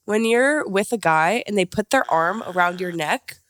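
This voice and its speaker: A woman in her twenties co-hosting a casual podcast, giggly and animated, slipping into exaggerated voices when she quotes people. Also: medium pitch, moderate pace. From Arizona. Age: 20s. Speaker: podcast co-host. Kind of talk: casual chat.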